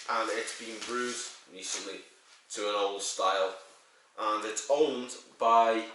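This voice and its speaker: A man's voice: lowish voice, bright, forceful tone. A man reviewing a beer in a rambling, crude and jokey way, swearing as he goes. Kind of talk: casual sweary review monologue. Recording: very echoey room, mic at a distance.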